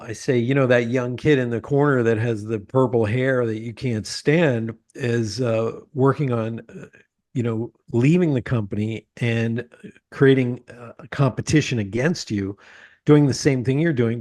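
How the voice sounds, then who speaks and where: Male host, animated storyteller, laughs easily, conversational. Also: mid-range voice, moderate pace. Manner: animated storyteller, laughs often, many uh fillers. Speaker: podcast host. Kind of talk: casual interview chat.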